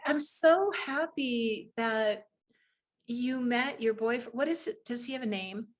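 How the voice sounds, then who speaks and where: A woman's voice: fairly high pitch, slow pace. A woman hosting a podcast interview, asking rambling, enthusiastic questions. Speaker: podcast host. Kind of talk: casual interview chat.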